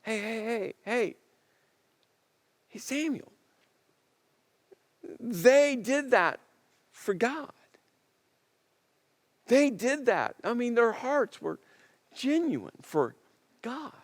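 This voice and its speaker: A man's voice: on the high side, sing-song, unhurried, no echo. A man preaching, voicing a defensive ancient king who makes excuses and blames others. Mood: pleading. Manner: protesting, making excuses.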